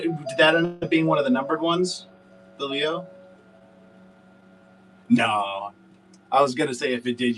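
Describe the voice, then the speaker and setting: Far from the mic in a low-quality recording, a livestream seller with a fairly low, slightly bright voice rambles along casually. He curses and leans heavily on fillers.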